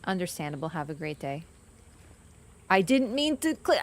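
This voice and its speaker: A woman streaming a game, chatting casually with her viewers, teasing and jumping between excited bursts and low mutters. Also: measured pace, a little hiss or hum. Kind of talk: casual gameplay commentary.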